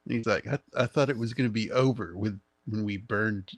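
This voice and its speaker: A man's voice: fairly low pitch, a little fast, no echo. A man hosting a podcast, chatting casually and dropping short wry remarks. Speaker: podcast host. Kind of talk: casual chat.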